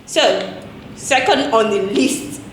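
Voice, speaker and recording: A woman's voice: fairly high pitch, slow, slight background noise. A young Nigerian woman with a Nigerian accent, hosting a playful, chatty language tutorial vlog and laughing often. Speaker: vlogger. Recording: echoey room.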